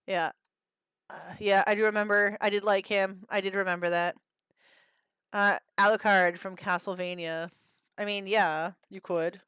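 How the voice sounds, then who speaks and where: A woman's voice: mid-range voice, fairly even intonation, a little slow, a bit bright, clean tone. A woman in her thirties chats casually on a livestream, reacting to her viewers with frequent laughter and a lot of swearing. Her voice sits in an ordinary middle register. The sound is dry and close, with no room echo. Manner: profane, laughing, reacting to chat. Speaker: livestream host.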